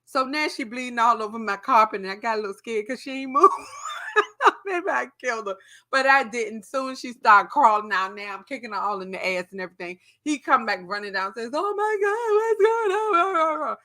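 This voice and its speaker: A woman's voice: a little high, fairly quick. A young adult woman co-hosting a podcast, telling a story casually, swearing freely and acting out what people said. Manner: animated, profane, acts out quotes. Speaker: podcast co-host.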